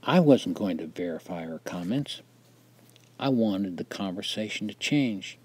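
Mellow older man reading a memoir. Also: lowish voice, lively intonation, unhurried, breathy edge. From Wisconsin. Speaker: memoir narrator.

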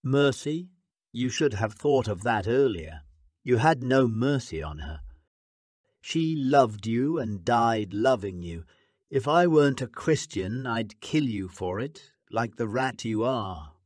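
A man's voice: mid-range voice, expressive, slow pace, darkish tone, no room sound, clean studio sound. A man reading an audiobook, voicing a bitter, furious middle-aged woman nurse who accuses and scolds. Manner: accusing, scornful, raising her voice.

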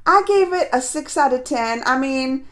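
This is a woman with a high, light voice talking casually to her viewers about a film. She is chatty and laughs easily, and she keeps calling her audience "y'all" in a relaxed, informal way. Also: normal speed. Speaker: movie reviewer. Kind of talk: casual chat.

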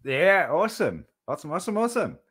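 A man's voice: on the high side, very animated, quick pace, a bit bright, slightly rough, no echo. A man joining a livestream as a guest, chatting in an easygoing, friendly way and asking questions. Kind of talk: casual chat.

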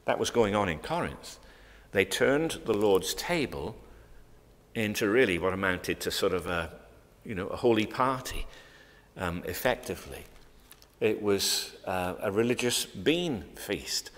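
A Northern Irish man leads a Bible study as pastor, speaking earnestly and stressing his points, with ums and restarts along the way. His voice sits fairly low. A long church reverb trails after each phrase. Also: expressive, a little slow, a bit bright. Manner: earnest, emphatic preaching with frequent ums and restarts.

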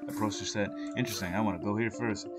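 A man's voice: on the low side, steady tone, quick pace. Casual swearing gamer man. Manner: casual, swearing, reads game text aloud. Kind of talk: let's play commentary. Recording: voice over game music.

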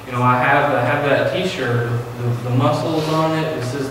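A man's voice: mid-range voice, normal speed, hardly any pauses, noisy background. A man, preaching an earnest, emphatic sermon from a church pulpit and weaving in personal family stories. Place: church sanctuary. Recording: long church reverb with faint ambience.

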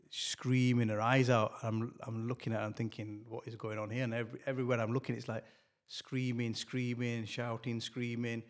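A middle-aged man, telling a personal story as a podcast guest, halting and repeating words with many fillers. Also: mid-range voice. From northern England.

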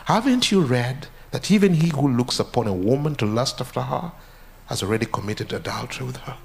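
A stern, commanding divine voice, low and unhurried, that sinks at times to a hushed whisper, as a preacher puts it on. It speaks with grave authority, each word weighed and slow. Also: male voice, expressive, creaky.

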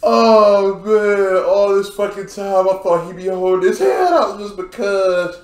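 A man's voice: sits high, unhurried, a little mellow, reverberant. A man reacting to comedy skits, laughing hard and swearing in casual slang. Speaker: reaction video host.

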